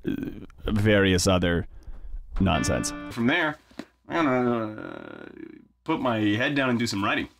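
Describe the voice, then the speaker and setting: A man's voice: lowish voice, huge pitch swings, measured pace, creaky, a bit bright, soft background music. A man hosting a songwriting vlog from his home studio, talking casually in a wry, self-mocking way as he thinks aloud while working. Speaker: songwriter and video host.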